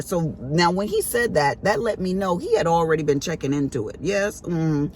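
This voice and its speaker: A woman's voice: fairly low pitch, expressive, normal speed, a little mellow, slight background noise. Chatty middle-aged woman telling a story. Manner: chatty, emphatic, colloquial, acts out family quotes. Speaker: vlogger. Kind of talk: casual storytelling to viewers.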